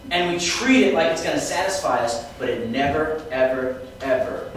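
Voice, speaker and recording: High-voiced man teaching a youth class. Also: moderate pace. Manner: lively, quizzes the class with questions. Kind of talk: Bible lesson to students. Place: classroom with students. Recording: echoey room, mic far off, faint noise.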